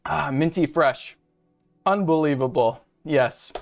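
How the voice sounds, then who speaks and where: Over soft background music, a young self-described femboy hosting his stream vents to viewers in a slow, creaky, medium-pitched voice. The casual rant rambles and is full of swearing, recorded at his home setup with a webcam and desk mic.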